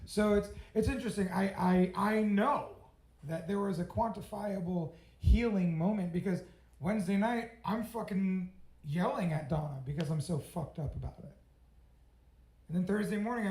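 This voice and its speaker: Blunt swearing man with gravelly voice. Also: high-pitched, animated, normal speed, a little mellow, reverberant, poor audio. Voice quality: swears freely, blunt and candid. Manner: self-mocking, laughs at himself. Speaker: storytelling speaker. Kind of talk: personal story told to a live audience.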